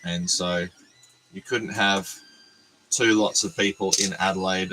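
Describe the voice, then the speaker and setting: An Australian man, a teacher, chatting casually on a livestream from his workbench, hoarse and sick with a cold, rambling and self-deprecating. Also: sits low, pushed and bright, a little hiss or hum, rough recording.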